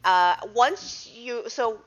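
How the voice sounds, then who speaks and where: A woman's voice: a little high, expressive, extremely slow, a bit bright, slight background noise. A woman narrating as game master of a tabletop superhero game, easygoing and laughing along with her players. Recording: dull lo-fi podcast audio.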